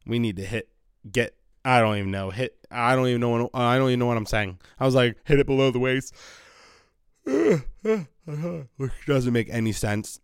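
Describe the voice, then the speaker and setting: A man's voice: medium pitch, expressive, moderate pace, clear, resonant tone, no echo, clean studio sound. A man hosting a solo podcast, rambling and swearing casually with many restarts, sounding a bit tired. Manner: rambling, profane, restarts often. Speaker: podcast host.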